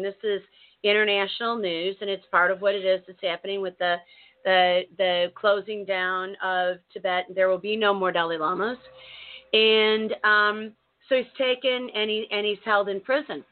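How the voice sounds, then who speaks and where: A woman co-hosting a talk show, telling a story in a casual, animated way with many restarts. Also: medium pitch, moderate pace. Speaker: co-host. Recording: narrow phone-like sound.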